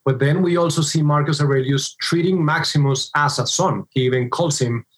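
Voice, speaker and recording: A man's voice: a little high, brisk, poor audio. Thoughtful married man discussing a film. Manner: thoughtful, builds points with "right?" checks. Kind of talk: casual faith-based film discussion.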